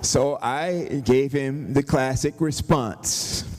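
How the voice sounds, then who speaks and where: A man preaching a sermon as pastor, telling a story animatedly, with rising shouts and repeated words. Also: mid-range voice, slow, in a large hall.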